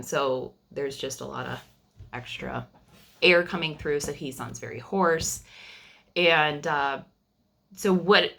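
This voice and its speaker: Low-voiced, bright young woman vlogger. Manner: chatty and candid, with frequent fillers and restarts. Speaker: vlogger telling her family's story. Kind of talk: casual storytelling to camera.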